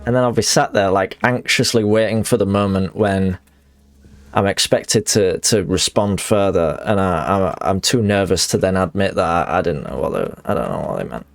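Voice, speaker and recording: A man's voice: deep voice, lively intonation, moderate pace, gravelly, dry recording, faint music behind. A man streaming a video game, chatting casually and reading in-game letters aloud, rambling and self-deprecating with frequent restarts.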